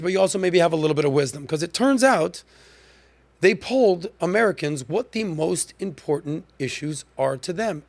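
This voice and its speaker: A man's voice: high voice, vocal fry. A man hosting a podcast, delivering a punchy, emphatic commentary monologue. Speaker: podcast host.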